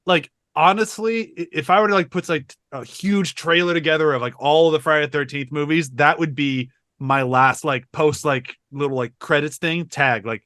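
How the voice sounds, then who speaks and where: A man co-hosting a casual film podcast chat, animated and full of filler words. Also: fairly high pitch, normal speed, hardly any pauses, no echo, studio quality. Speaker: podcast co-host.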